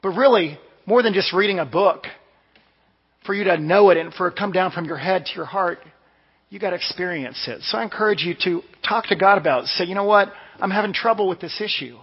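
A man's voice: high voice, a little fast, breathy edge. A man from the Washington DC area preaching a sermon in a conversational, storytelling way. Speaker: pastor. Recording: dull sound with long hall reverb.

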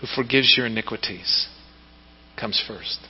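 A male pastor preaching a sermon in an animated storytelling manner, heard in a church hall on a dull recording. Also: medium pitch, a little slow, slightly rough. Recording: reverberant hall, dull lo-fi sound.

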